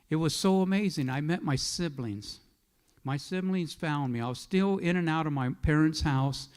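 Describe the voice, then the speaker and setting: A man's voice: medium pitch, darkish tone. Older man in his sixties, church testimony, loose rambling storyteller who keeps sidetracking himself. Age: 60s. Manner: rambling, conversational storytelling with self-interruptions. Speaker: church member giving testimony. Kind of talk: personal testimony at a church service. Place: church sanctuary.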